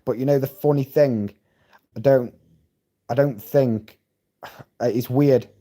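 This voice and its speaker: A man's voice: mid-range voice, slow, mellow. A Scottish man chatting casually on a live stream, rambling and swearing bluntly as he reads and answers viewer comments. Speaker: livestreamer.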